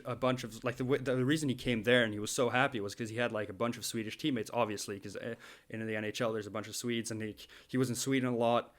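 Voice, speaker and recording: On a casual podcast, a young male co-host whose voice sits at an everyday middle pitch spins a long story energetically. Laughter comes often, and he restarts sentences frequently.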